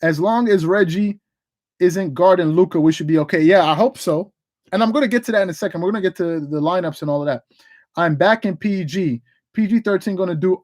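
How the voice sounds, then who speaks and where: A man hosting a casual sports livestream, rambling and repeating himself as he reads out viewer comments. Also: high voice. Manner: animated, voice jumps up when excited. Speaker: sports talk livestream host.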